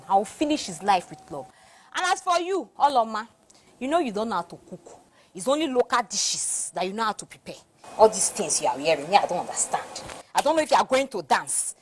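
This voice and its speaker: A woman playing a boastful scheming gold-digger. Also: mid-range voice. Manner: boastful, scornful, animated.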